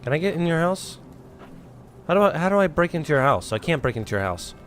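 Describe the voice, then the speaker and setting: A man's voice: a little high, very animated, fast talker, fairly bright tone, soft background music. A man streaming a game, talking casually in a rambling, sarcastic way with lots of swearing and restarts. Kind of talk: casual gameplay commentary.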